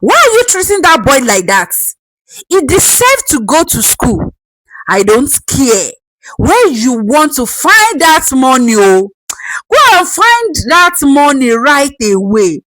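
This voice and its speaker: A fierce older grandmother scolds and repeats herself for emphasis, as a woman storyteller puts her on. Her voice rides high and swings widely. The sound is close and dry. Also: big pitch swings, slow, a bit bright, dry recording, full character voice. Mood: furious.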